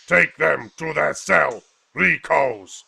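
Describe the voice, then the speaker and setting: A man voicing a gravelly alien captain. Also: on the high side, takes it slowly, pushed and bright, heavily acted. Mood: menacing. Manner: commanding, menacing. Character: gruff rhino-like alien male captain, ruthless. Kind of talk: fan audio drama acting.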